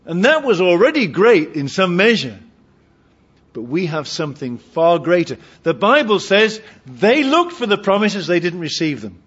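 Preacher with ringing emphasis. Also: male voice, sing-song, normal speed, slightly rough. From Britain. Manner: emphatic, swings between loud ringing emphasis and low asides. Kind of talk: sermon. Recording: dull lo-fi sermon recording.

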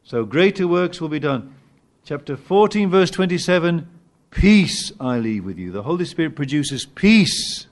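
A man preaching a sermon, animated and emphatic at times, with halting restarts as he searches for words. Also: on the high side. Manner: animated, rising to emphatic peaks.

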